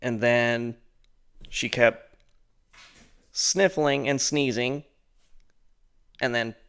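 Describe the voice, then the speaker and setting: A man hosting his own show, telling a rambling personal story full of "like" and "and then," putting on a higher voice to mock what others said. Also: fairly even intonation, drawn-out words, a bit bright, smooth. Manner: mocks the friend's lines in a higher voice. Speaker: show host. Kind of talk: casual storytelling.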